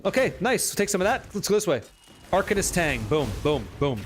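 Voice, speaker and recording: A man streaming a game live, chatting with viewers in an excitable, casual way and swearing freely. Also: a little high, moderate pace, pauses often, a little hiss or hum. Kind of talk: live gameplay commentary.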